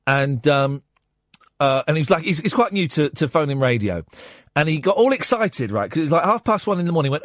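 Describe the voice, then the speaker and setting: A man with an English accent hosting a late-night phone-in radio show, telling animated stories with mocking asides. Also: a little high, fairly quick, dry recording, studio quality. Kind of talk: casual phone-in chat. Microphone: studio microphone.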